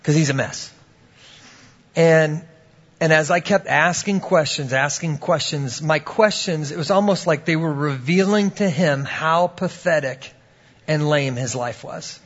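A man's voice: fairly high pitch, unhurried, dull audio. A man preaching a sermon, telling a personal story and acting out the voices of the people in it. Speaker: pastor.

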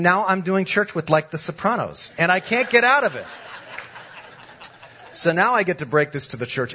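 A male pastor telling a lively, comic story during a sermon. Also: fairly high pitch, muffled recording.

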